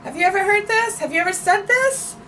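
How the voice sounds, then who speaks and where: A woman's voice: very high-pitched, racing. Woman, sign language teacher, patient, repeats phrases, distant mic, banjo music underneath. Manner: patient, repeats each phrase while demonstrating. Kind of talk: slow instructional explanation. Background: bluegrass banjo music.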